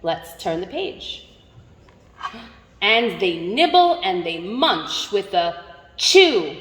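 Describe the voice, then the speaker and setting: A woman teacher reading a picture book aloud, animated and full of wonder, gasping before each new page. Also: mid-range voice. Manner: slow, animated, gasping with wonder between pages. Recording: echoey room with long reverb.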